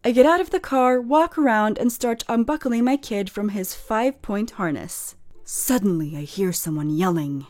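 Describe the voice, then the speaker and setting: A woman's voice: medium pitch, expressive, moderate pace, a little mellow. A woman reading stories aloud and adding chatty, sarcastic commentary of her own. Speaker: story narrator.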